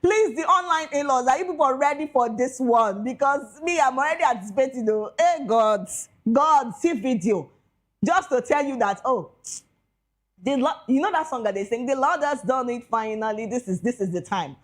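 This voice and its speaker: A young Nigerian woman with a Nigerian accent hosts an entertainment gossip segment in a slightly high voice. She talks casually and excitably, slipping between pidgin and English. Her pitch and loudness swing widely from bursts to quiet asides. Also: moderate pace. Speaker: entertainment news host. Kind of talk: casual celebrity gossip commentary.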